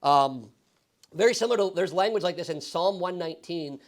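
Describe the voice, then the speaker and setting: High-voiced pastor teaching casually. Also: male voice, expressive, brisk. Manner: casual, asks the class questions, frequent "right?". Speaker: pastor teaching Bible study. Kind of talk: conversational Bible teaching. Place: church classroom.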